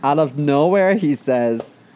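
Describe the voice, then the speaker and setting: A man's voice: fairly high pitch, animated, slow pace, a little mellow, clean tone. A young man co-hosting a comedy podcast, chatting casually with lots of ums and likes. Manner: chatty, filler-heavy, laughs while talking. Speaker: podcast co-host.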